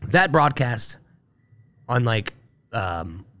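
A man in a middle pitch tells a long story on a relaxed chat show. He rambles through asides and acts out what others said to him. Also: drawn-out words. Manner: rambling, full of asides and acted-out quotes. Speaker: guest, brewer.

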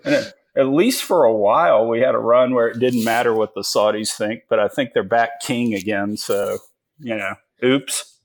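A Texan man in his forties, an energy investor appearing as a guest, swaps stories in casual interview talk. His voice sits mid-range at a normal speed, and his delivery is folksy and joking, full of fillers.

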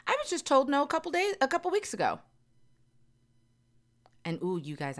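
Low-voiced woman talking candidly to viewers. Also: wildly swooping pitch, moderate pace, pauses often. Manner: earnest, emphatic, repeats phrases for emphasis. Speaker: vlogger. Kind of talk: candid personal talk to viewers.

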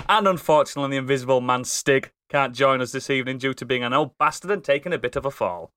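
A man's voice: mid-range voice, a bit bright, slight background noise. A man hosting a podcast, introducing his co-hosts in a theatrical, teasing way and giggling often. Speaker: podcast host. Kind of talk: playful show introduction.

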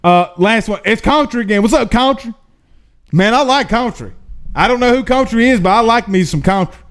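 Animated sports host, high voice. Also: male voice, moderate pace. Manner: animated, drawling, folksy asides. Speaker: sports talk show host. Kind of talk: casual live-stream chat reading viewer questions.

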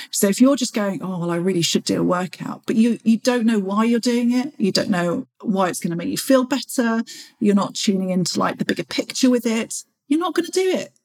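Chatty encouraging woman, husky voice. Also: mid-range voice, darkish tone. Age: 40s. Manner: chatty and encouraging, acts out her own inner voice. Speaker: fitness podcast host. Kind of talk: motivational solo podcast talk.

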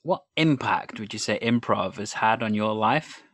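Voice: medium pitch, moderate pace, a bit bright, no echo. An interviewer asking an improv performer questions, encouraging her with short affirmations and laughs.

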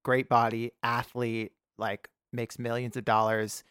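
A man guesting on a podcast, chatting casually, animated and laughing often. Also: mid-range voice, unhurried, clear, resonant tone, no echo, clean studio sound. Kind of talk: casual comedic chat.

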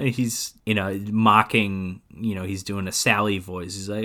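A man co-hosting a podcast, casually recapping a movie plot in a rambling, filler-heavy way with quick laughs. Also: on the low side, pushed and bright. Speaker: podcast co-host.

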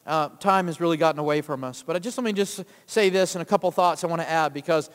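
A man preaches in a high, ringing voice, drawing amens and throwing questions out to the congregation. His words trail off into the long echo of a church sanctuary. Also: quick pace. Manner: rousing, calls for amens and asks the crowd questions. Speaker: pastor. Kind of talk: sermon. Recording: long reverb of a church hall.

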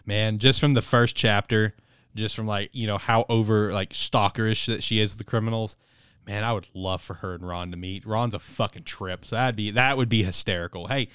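A man's voice: fairly low pitch, fairly even intonation, moderate pace, a bit bright, clear, resonant tone, no room sound, studio quality. A man casually recapping a story on a podcast, rambling with lots of fillers and cussing. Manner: rambling, filler-heavy, swears freely. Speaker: podcast co-host. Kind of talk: casual chat reviewing a manga.

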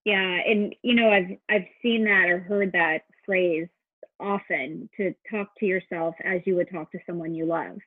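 Husky woman host on a tinny phone line. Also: fairly low pitch, steady tone, unhurried, no echo. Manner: warm, hesitant, many fillers. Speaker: podcast host. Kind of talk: interview conversation.

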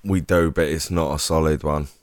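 A man's voice: extremely low pitch, fairly even intonation, normal speed, dry recording, clean studio sound. A man with a London accent co-hosting a movie podcast, bantering playfully and laughing a lot. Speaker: podcast co-host. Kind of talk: casual chat.

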